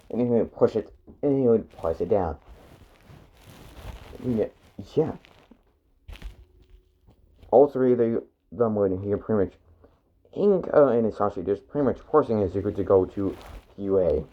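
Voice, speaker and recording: Man, low-ish voice, loose rambling storyteller, heavy on fillers. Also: lively intonation, normal speed, long pauses, lo-fi sound. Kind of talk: improvised fan story retelling.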